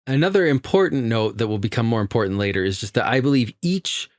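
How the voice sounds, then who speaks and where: A man co-hosting a film podcast, laying out a theory in relaxed chat. His voice rises and falls a great deal as he talks, and he laughs often. The sound is dry and close. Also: medium pitch, fast, dry recording. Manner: animated, explains theories, laughs a lot. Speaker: podcast co-host. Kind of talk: casual chat.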